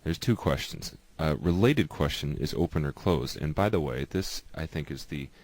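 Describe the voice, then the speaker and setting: A man giving a patient, explanatory lesson, slowly repeating each example word. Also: extremely low pitch, lively intonation, darkish tone, no echo. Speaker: teacher.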